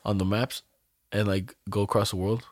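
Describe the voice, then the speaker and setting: A man's voice: fairly low pitch, level tone, moderate pace, no room sound, clean studio sound. Joking slangy young man. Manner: slangy, joking, laughs often. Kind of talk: casual chat.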